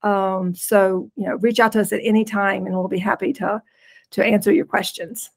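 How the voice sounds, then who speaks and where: A woman's voice: mid-range voice, fairly even intonation, moderate pace, creaky. A woman with a pronounced West Virginia accent, a podcast guest talking casually and unhurriedly, laughing easily. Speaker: podcast guest, rural nonprofit leader. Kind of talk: casual interview chat.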